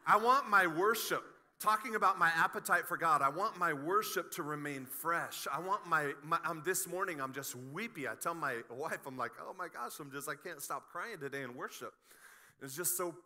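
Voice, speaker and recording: Middle-aged male pastor, very bright voice, lively sermon with humorous asides. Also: high voice. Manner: animated, joking asides, frequent restarts. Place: church sanctuary.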